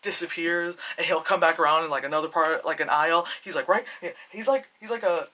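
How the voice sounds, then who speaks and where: A bright, forceful voice talking through a movie review off the cuff. The delivery rambles, full of "like" and "you know", with plenty of swearing and animated retellings of scenes. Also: mid-range voice, quick pace. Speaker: film reviewer. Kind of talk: casual spoiler movie review.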